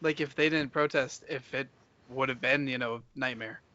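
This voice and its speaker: A man's voice: mid-range voice, steady tone, moderate pace, pushed and bright, no room sound. A man co-hosting a podcast, chatting casually in an easygoing, slightly hesitant way. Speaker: podcast co-host. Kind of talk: casual chat. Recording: dull lo-fi sound, dry.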